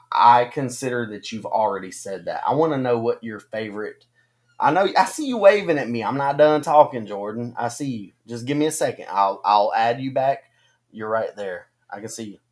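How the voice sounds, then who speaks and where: Halting low-voiced man hosting a stream. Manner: halting, full of ums and restarts. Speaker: co-host of a fantasy football stream. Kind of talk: casual livestream chat.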